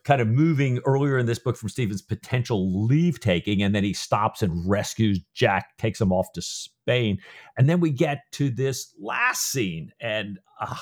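A man's voice: fairly low pitch, animated, unhurried. A man co-hosting a podcast about a novel, sharing his reactions with frequent restarts. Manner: shares reactions with restarts and 'I'm thinking' asides. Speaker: podcast co-host. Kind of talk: book discussion chat.

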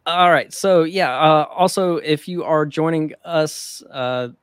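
A man's voice: fairly high pitch, takes it slowly, clear, resonant tone, no echo. A man hosting a casual trading podcast, talking in a laid-back, rambling way with lots of fillers. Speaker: host.

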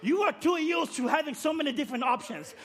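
A man preaching a fiery sermon, shouting repeated rhetorical questions and dropping to quiet low passages. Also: expressive, fast.

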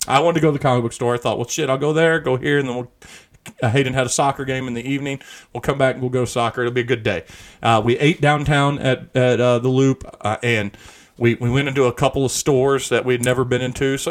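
A middle-aged man hosting a podcast, telling profane stories in a casual, animated way. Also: mid-range voice, fast talker. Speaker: podcast host. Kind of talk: casual chat.

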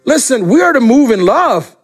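An older man preaching a sermon in a room, slow and emphatic, dropping low and quiet to stress his points. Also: sing-song, faint music behind. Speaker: pastor. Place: room with camera, daughter filming.

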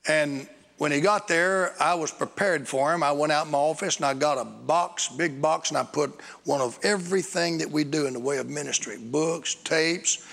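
Gravelly preacher in an echoey hall. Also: male voice, on the high side, normal speed, few pauses. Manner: storytelling, rising to excited bursts. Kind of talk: sermon. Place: church hall.

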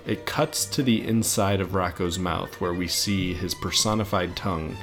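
A man co-hosting a podcast, casually retelling an episode idea with relaxed fillers. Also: sits low, normal speed, faint music behind. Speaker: podcast co-host.

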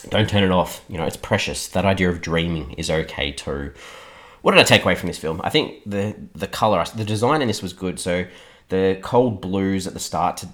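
A man hosting a podcast, casually reviewing a film with a hoarse, partly lost voice and rambling restarts. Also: low voice. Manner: rambling, thinking aloud with restarts. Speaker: podcast host.

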